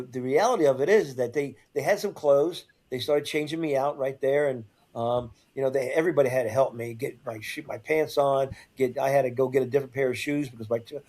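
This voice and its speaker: An older man, a guest on an interview show, telling a first-person story in a halting way, repeating and restarting words. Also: medium pitch, a little mellow.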